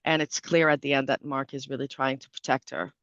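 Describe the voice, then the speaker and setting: A man in his thirties from Canada, speaking as the guest expert in a relaxed interview, pausing often with fillers and restarts. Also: mid-range voice, no room sound. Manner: thoughtful, with frequent fillers and restarts. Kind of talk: conversational interview. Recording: dull, dry lo-fi sound.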